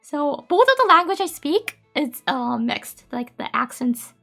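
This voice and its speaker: A very high, bright-toned woman with a Japanese accent chats casually on her live stream, giggling and cutesy as she thanks viewers. Soft music plays faintly behind her. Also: big pitch swings, unhurried, gravelly.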